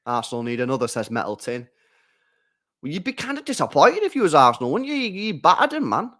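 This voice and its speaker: A man hosting a live football watchalong, chatting casually, reading viewer comments and getting loud when play heats up. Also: on the high side, quick pace. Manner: chatty, swings from mumbling to excited shouting. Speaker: live stream host.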